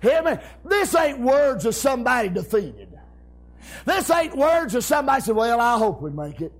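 A man preaching a revival sermon, hollering amens and shouting with exuberant celebration. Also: very high-pitched, sing-song, moderate pace.

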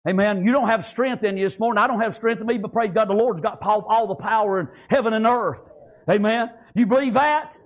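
A man preaching a fervent sermon, breaking into shouts and filling every pause with "praise God" and "amen". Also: high voice.

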